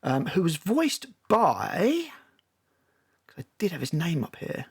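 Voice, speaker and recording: A man's voice: fairly high pitch, wildly swooping pitch, slow pace, creaky, husky. A man with a British accent hosting a casual film discussion, recapping scenes at length with many ums and restarts. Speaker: film review host.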